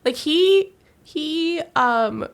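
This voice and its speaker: A woman co-hosting a podcast, telling animated stories in casual chat and laughing often. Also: high voice, extremely slow, vocal fry. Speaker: podcast co-host. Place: US-born living in Korea.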